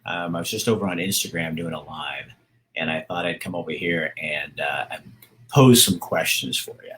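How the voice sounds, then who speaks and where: A man's voice: low-pitched, moderate pace, a bit bright, a little hiss or hum, poor audio. A middle-aged man talking casually on a live stream, rambling with many fillers and greeting viewers as they join. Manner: rambling, hesitant, reads out viewer comments. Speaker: vlogger hosting a live stream.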